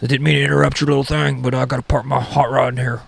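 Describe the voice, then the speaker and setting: A man's voice: mid-range voice, level tone, rapid-fire, vocal fry, slightly rough, dry recording, voice pushed up. A man voicing a crazy old male roommate who whines stubbornly about parking his car, in an improvised comedy bit. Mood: fussy. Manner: stubborn, petty, whiny insistence.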